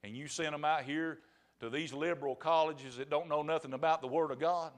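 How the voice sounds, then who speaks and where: A man's voice: a little high, steady tone, fairly quick. A man preaching a sermon in a folksy, emphatic storytelling manner.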